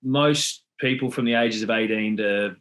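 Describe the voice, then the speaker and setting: A young adult man from Australia with an Australian accent, a podcast guest explaining things in a relaxed way with frequent fillers. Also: fairly low pitch, a little slow. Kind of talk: casual chat.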